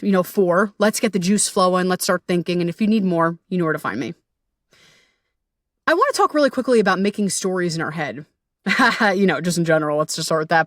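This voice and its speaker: Candid, casual, and swearing freely, a young relationship coach talks through her solo podcast, leaping animatedly into quoted voices. Her voice is mid-range, captured in a dry, studio-quality recording.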